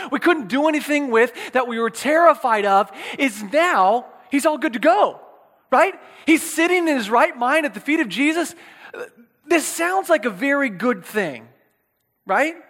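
A man's very high, slightly bright voice carries a conversational sermon through a hall's long reverb. He frequently checks on his listeners, starts words over and makes playful asides.

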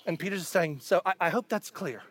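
A male pastor preaching a conversational sermon, asking the congregation questions and swinging between loud emphasis and hushed near-whispers. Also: high-pitched, brisk.

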